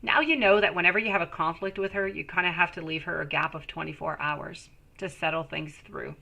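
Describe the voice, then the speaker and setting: A woman's voice: on the low side, a little fast, creaky, pushed and bright, muffled recording, a little hiss or hum. A woman giving live tarot readings to viewers, reassuring and calling them sweetie. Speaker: tarot reader.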